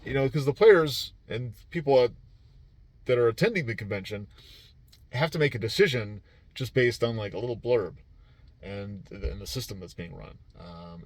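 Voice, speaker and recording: A low-pitched man talks through his convention weekend in a loose, meandering way, circling back and restarting his sentences. He runs tabletop games. His voice is close and dry, with almost no room sound. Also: no echo. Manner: rambling, many fillers and restarts, laughs easily. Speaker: game master at a convention. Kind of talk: casual vlog recap.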